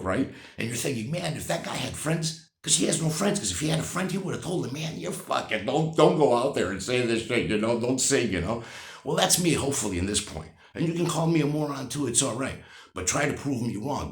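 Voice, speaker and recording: A man's voice: medium pitch, creaky, echoey room. A man in his sixties delivering a blunt, profane, exasperated political rant to camera, often restarting his sentences. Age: 60s. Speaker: vlogger.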